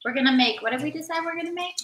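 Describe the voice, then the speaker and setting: A woman's voice: high voice, very fast, fairly bright tone. A woman hosting a casual cooking livestream from her home kitchen, joking and teasing as she chats. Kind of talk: casual chat while cooking. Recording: echoey kitchen, faint noise.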